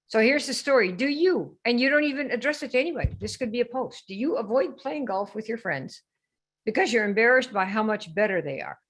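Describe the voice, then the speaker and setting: A woman's voice: fairly high pitch, animated, brisk, a bit bright, husky. A woman hosting a live sales training stream, brash and teasing as she quizzes her viewers. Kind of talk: lively live-stream coaching.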